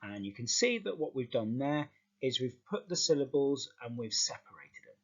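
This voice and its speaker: A male teacher explaining a lesson in a lively, stop-start way, often repeating words as he goes. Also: mid-range voice, moderate pace, muffled recording.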